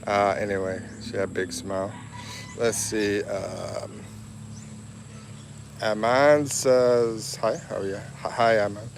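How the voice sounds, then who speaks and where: A man's voice: on the low side, steady tone, takes it slowly, gravelly, pauses often, noisy background. Chatty man vlogging live outdoors. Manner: chatty, reads viewer comments aloud, laughs often. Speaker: livestream vlogger. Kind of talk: casual live walking vlog. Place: outdoors in a town.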